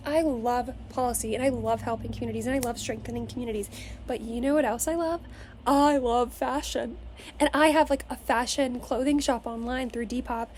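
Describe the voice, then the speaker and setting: A young woman in her twenties, from Las Vegas, talks to her camera from her childhood bedroom in a high voice. She rants with energy, curses freely and leans on "like" as a filler. A faint hum of room noise sits behind her. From Las Vegas, Nevada. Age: 20s. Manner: profane, energetic, filler-heavy with "like". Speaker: vlogger. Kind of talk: casual motivational rant to camera.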